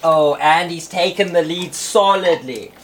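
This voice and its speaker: A man's voice: fairly high pitch, unhurried, a little hiss or hum. A young man hosts a casual snack-tasting chat, laughing often and full of fillers. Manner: laughing, filler-heavy and chatty. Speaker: host.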